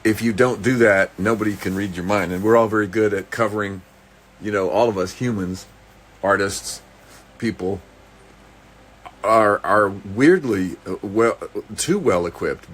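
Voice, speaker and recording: A man with a low, bright, forceful voice speaks off the cuff in a casual video message. He stops and restarts often, circles his points, and turns to dry, darkly comic asides. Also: slightly rough. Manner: halting and rambling, many restarts. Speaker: actor recording a personal video message.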